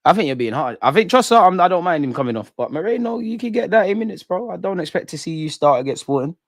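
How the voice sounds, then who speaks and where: A man's voice: sits high, big pitch swings, fast, dry recording, studio quality. A young man doing live, jokey, slang-filled football watch-along banter with his chat. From England.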